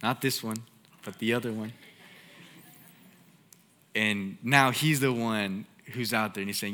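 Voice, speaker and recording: Bright-voiced young preacher. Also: male voice, lowish voice, measured pace, long pauses, long reverb tail. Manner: casual, conversational, with filler "like". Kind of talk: sermon.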